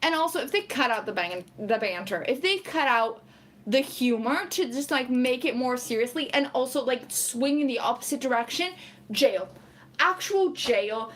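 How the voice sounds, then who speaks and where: Woman, high bouncy voice, casual livestream chat, rambling, exasperated rants, laughs a lot. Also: animated, moderate pace. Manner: rambling, filler-heavy, laughs often; exasperated ranting. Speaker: book-reviewing streamer reading chat.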